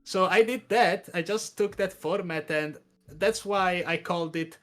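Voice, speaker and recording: A man with an Italian accent, a podcast guest chatting casually and telling his story with expressive energy. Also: high-pitched, measured pace. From Italy. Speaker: podcast guest, content creator.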